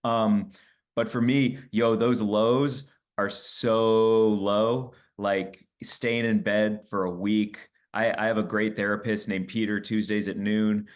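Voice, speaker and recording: This is a man with a fairly low voice, speaking as a comedian guest in a relaxed interview. He tells his stories candidly and with animation, and he often acts out what he said or thought. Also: slow. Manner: animated storytelling, acts out his own quoted lines.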